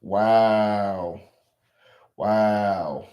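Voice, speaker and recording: A man's voice: fairly high pitch, unhurried. Southern man in an echoey room, chatty. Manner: animated, repeats himself, talks to chat with slangy asides. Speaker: livestream host. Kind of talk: casual live-stream chat.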